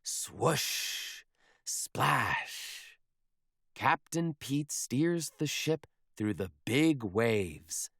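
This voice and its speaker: A man reading a children's picture book aloud in a slow, expressive storybook manner. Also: medium pitch, dry recording, clean studio sound.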